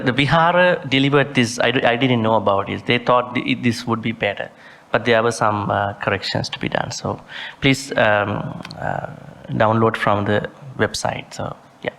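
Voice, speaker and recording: A man's voice: mid-range voice, fairly even intonation, measured pace, vocal fry, fairly bright tone. A man, a Buddhist monk, teaching a sutta study class, reciting Pali words with care and spelling out how each one should sound.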